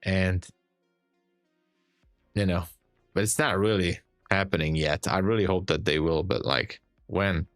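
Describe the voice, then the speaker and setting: A man's voice: sits low, unhurried, pauses often, no echo, clean studio sound, soft background music. A man hosting a day trading livestream, sleepy and rambling in a loose, chatty way. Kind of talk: casual live stream chat.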